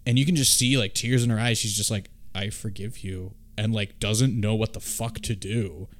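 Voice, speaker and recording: A man hosts a casual chat about a movie, his voice sitting a little low. He talks in an animated, rambling way and swears freely as he goes. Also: a little fast. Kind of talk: casual film discussion.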